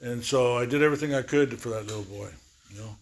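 A man in his sixties talks through his own recovery story, looping back and repeating himself with plenty of fillers. His voice sits in a middle pitch, and he slips into quick back-and-forth exchanges as he retells old conversations. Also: slight background noise. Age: 60s. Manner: rambling, repetitive storytelling with many fillers. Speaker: recovery speaker. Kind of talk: personal recovery testimony.

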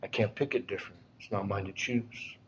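An older man giving a plainspoken, emotional personal testimony at a recovery support meeting, often halting and repeating himself. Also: on the low side, slight background noise.

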